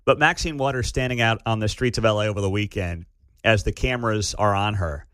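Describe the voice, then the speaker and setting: A man's voice: lowish voice, brisk, no echo. A man hosting a talk radio show, delivering sarcastic commentary from a studio. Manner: sarcastic, lively. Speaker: radio host. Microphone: studio microphone.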